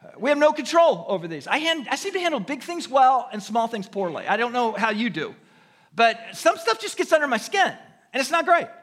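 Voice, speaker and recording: A man's voice: extremely high pitch, sharp tone. A man preaching a sermon, earnest and repeating his key phrases for emphasis. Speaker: pastor. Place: church sanctuary.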